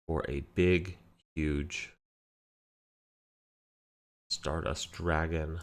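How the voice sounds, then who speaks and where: A man casually commenting on his card game while telling a relaxed story, walking through each play step by step. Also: sits low. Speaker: card game player and channel host. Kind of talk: casual commentary over gameplay.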